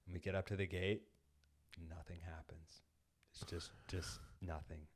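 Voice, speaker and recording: A man's voice: low voice, little pitch movement, a little slow, breathy edge. A man co-hosting a podcast, telling a long casual story in a studio, full of "like" and acted-out quotes. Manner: rambling, heavy use of "like", acts out quoted lines. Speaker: podcast co-host. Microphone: studio microphone.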